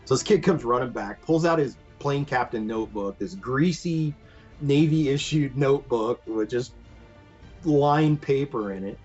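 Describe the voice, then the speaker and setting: Husky man spinning a rambling story. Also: medium pitch, measured pace. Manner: rambling, animated storytelling with many fillers. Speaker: podcast guest. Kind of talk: casual anecdote telling. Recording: dull lo-fi podcast audio with faint music.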